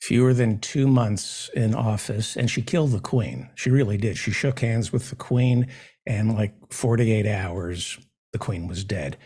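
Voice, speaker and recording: A man hosting a comedy show, delivering a sarcastic, deadpan satirical monologue. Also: lowish voice, unhurried, husky. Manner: sarcastic, deadpan jokes with mock questions.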